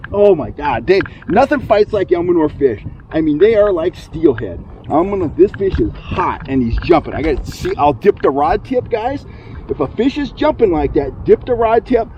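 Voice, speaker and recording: Excitable man fishing from a lake boat. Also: sits high, highs cut off, slight background noise. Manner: excitable, exclaims loudly when fish bite. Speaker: fishing channel host. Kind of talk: outdoor fishing vlog narration.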